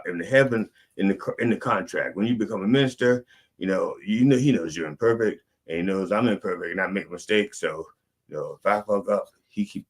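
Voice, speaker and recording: A man's voice: low-pitched, breathy edge. A middle-aged man, a comic preacher, telling a rambling story full of curses and rants. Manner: cursing, ranting, rambling storytelling. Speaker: comedic preacher. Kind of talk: profane comic sermon-rant.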